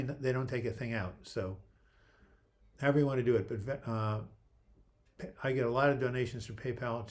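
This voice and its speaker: An older man hosting a casual livestream, reading viewer comments aloud and answering them in a chatty, joking way with frequent restarts. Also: mid-range voice. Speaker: livestream host.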